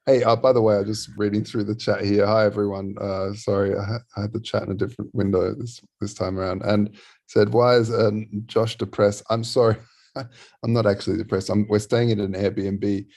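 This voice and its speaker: A man in casual panel chat from a rented home, talking quietly and hesitantly with many fillers. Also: on the low side, level tone, moderate pace, creaky. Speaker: panel regular.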